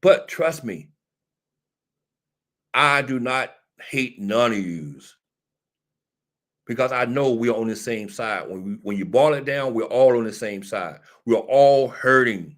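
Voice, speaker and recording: A man's voice: medium pitch, animated, slow, long pauses, a bit bright. A man hosting casual political commentary, talking directly to a live audience and answering viewers. He is emphatic and repeats his points like a sermon. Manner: emphatic and repetitive, preachy. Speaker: talk show host.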